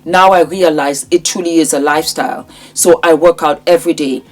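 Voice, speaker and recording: Woman, fifties, vlog chat to camera, emphatic, repeats herself, lowish pitch. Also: fairly even intonation, fairly quick. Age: 50s. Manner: emphatic, repeats phrases for effect. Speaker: lifestyle YouTuber.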